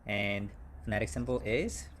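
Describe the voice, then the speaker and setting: A man teaching English vocabulary, speaking slowly and repeating each word several times for learners. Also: fairly low pitch, a bit bright, a little hiss or hum. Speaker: English instructor. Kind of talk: slow vocabulary lesson.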